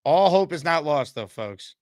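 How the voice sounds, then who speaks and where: A man hosting a sports call-in show, his voice sitting a little higher than most. He rants with a sarcastic, exasperated edge, and the sound is close and dry with no room echo. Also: expressive, a little slow, darkish tone. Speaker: sports talk show host.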